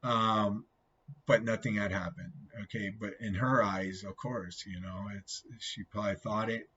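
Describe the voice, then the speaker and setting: A man's voice: lowish voice, steady tone, measured pace, sharp tone, a little hiss or hum. A man sharing a personal faith testimony in a rambling way, often checking in with "okay?". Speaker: testimony vlogger. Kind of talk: personal testimony, casual storytelling. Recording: dull lo-fi recording.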